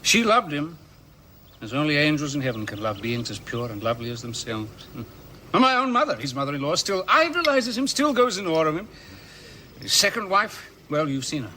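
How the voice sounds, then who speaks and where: Sarcastic, lively-voiced bitter man for a radio play, a little high. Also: brisk, slight background noise. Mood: scornful. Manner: mocking, ranting, sarcastic. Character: bitter, sardonic middle-aged man, scornful of his brother-in-law. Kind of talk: radio drama acting.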